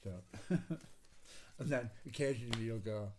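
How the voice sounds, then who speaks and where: A man's voice: medium pitch, normal speed, noisy background. A man chatting casually as a guest, with a dry, sarcastic sense of humour. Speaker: guest, friend of host. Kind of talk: casual chat.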